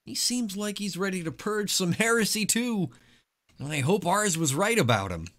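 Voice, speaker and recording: A man voicing a zealous, heretic-hating male ally in a tabletop game, talking fervently with drawn-out emphasis. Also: sits high, expressive, fairly bright tone, pitched above the performer's own voice.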